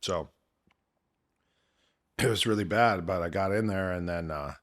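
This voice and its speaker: A middle-aged man, a former fighter and coach, telling a story casually and acting out the voices of others, dropping quieter on grim parts. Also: deep voice, measured pace. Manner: animated retelling that acts out quoted voices.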